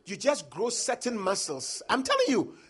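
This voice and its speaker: A man's voice: sits high, wildly swooping pitch, moderate pace, fairly bright tone, husky. A man preaching a sermon, emphatic, quoting scripture and rising and falling in force.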